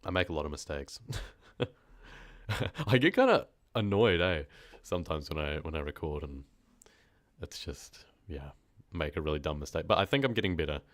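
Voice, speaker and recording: A man's voice: extremely low pitch, expressive, normal speed, dry recording. A man chatting casually on a live stream, reading comments, rambling and laughing often, with a congested, stuffy nose from a cold. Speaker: horror story narrator streaming live.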